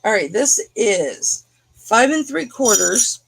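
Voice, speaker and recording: A woman's voice: medium pitch, animated, takes it slowly, creaky, breathy edge. A woman hosting a live jewelry auction in a casual, chatty, teasing way, talking to viewers by name. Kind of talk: casual live-stream selling chat.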